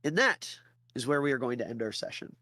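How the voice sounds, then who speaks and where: A man's voice: mid-range voice, very animated, a little fast, bright, forceful tone, no room sound. A tired man narrating a tabletop game as game master, casual and hesitant with fillers.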